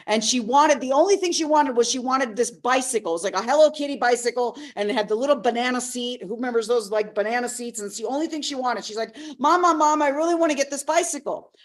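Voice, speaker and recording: A woman with a high voice teaches a live masterclass as a personal development coach. She talks expressively to her audience. She acts out what people said and slows down to stress key ideas.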